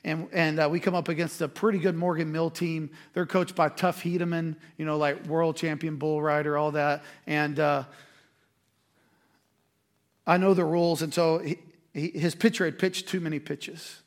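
A man, a pastor preaching a sermon and telling a self-deprecating story with animated energy. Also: on the high side, moderate pace.

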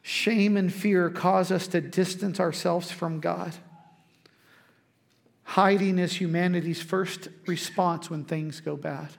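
A man, preaching a sermon as pastor, telling lively stories to the congregation and acting out quotes. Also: sits high, slow pace, creaky.

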